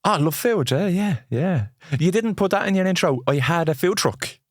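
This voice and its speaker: A Dublin-born comedian guesting on a podcast, chatty and self-mocking with quick asides. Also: male voice, sits high, lively intonation, no room sound, clean studio sound. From Dublin, Ireland. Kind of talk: casual chat.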